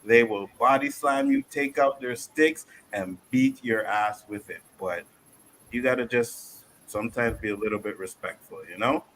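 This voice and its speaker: Animated, profane male podcast host. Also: on the low side, moderate pace, low-quality recording. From Canada. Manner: animated storytelling, profane, acts out quotes. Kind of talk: casual panel chat.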